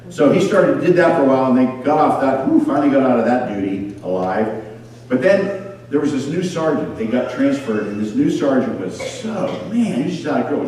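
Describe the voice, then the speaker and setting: Animated preacher man in an echoey hall. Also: medium pitch, recorded from a distance. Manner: animated storyteller, acts out voices. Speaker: pastor. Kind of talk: sermon. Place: school church hall. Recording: echoey hall picked up from afar.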